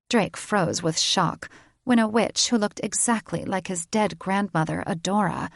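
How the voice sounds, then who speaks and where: Slow, low-voiced woman narrator. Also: vocal fry, no echo, clean studio sound. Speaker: audiobook narrator. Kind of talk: scripted narration.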